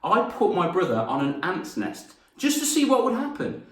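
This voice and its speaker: A young man, a confidence coach and former teacher, telling stories in a lively lesson to camera and acting out voices as he goes. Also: high voice, normal speed, distant mic. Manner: animated, laughs at his own stories, acts out voices. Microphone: camera mic. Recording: roomy echo, mic set back.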